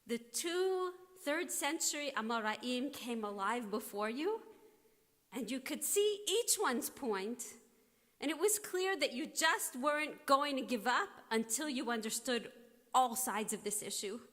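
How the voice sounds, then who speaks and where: A woman rabbi giving a formal blessing and tribute, speaking slowly and reverently with soft, hushed passages. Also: high voice, lively intonation. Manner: slow, deliberate, reverent delivery with soft passages. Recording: long reverb of a large hall.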